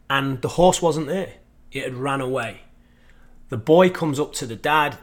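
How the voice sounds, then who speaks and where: A man hosting a motivational podcast, telling a story with a deliberate, emphatic delivery. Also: mid-range voice, fairly bright tone. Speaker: podcast host.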